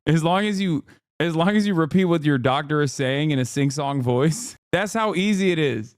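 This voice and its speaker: A man's voice: fairly high pitch, normal speed, smooth, dry recording. A man streaming, reacting to clips in casual, sarcastic commentary, repeating himself and laughing often.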